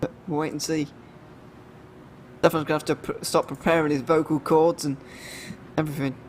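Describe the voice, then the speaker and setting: A man's voice: on the high side, flat delivery, brisk, a little hiss or hum. Chatty male race commentator. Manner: chatty, often breaking off and restarting.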